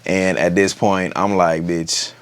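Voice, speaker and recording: A man's voice: on the low side, normal speed, vocal fry, background noise. A man giving a casual, gossipy and profane episode recap, full of slang. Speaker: TV show reviewer.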